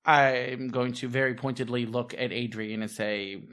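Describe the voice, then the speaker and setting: A man playing a tabletop game, reacting in an animated way and speaking as his character. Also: medium pitch, moderate pace, smooth. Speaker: player. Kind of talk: tabletop role-play chat.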